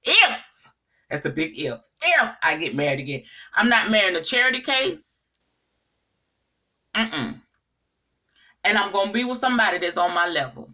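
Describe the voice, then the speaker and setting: A middle-aged woman giving a casual spiritual monologue to her viewers, animated and preachy, speaking straight to the audience. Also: medium pitch, normal speed, pauses often, lo-fi sound. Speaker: online inspirational speaker.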